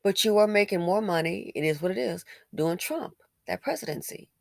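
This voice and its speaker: A woman delivers opinionated commentary in a blunt, colloquial way. She drives her points home by repeating phrases and throwing rhetorical questions at the listener. Her voice sits at a middle pitch and is recorded close and dry, with no room sound. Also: lively intonation, normal speed, gravelly, no echo.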